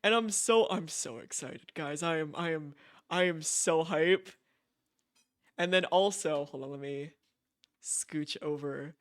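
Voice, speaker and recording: Young man, excitable streamer, unhurried, dry close sound. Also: fairly high pitch, smooth, no echo. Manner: excitable, gushing, repeats himself, laughs often. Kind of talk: casual live-stream chat.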